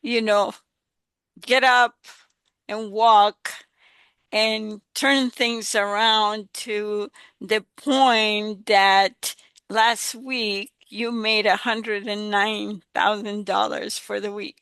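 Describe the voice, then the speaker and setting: A woman's voice: medium pitch, fairly even intonation, extremely slow, fairly bright tone, clean tone, no room sound. A woman who is a business coach, hosting a webinar and asking long, rambling questions full of fillers. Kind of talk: hosting an interview.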